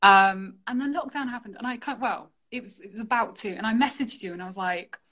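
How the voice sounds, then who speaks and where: A young British woman, chatty and quick to laugh, talking casually on a phone livestream. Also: a little high. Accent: British English. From United Kingdom. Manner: chatty, laughs often, animated. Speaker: guest artist. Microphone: phone on a live video call.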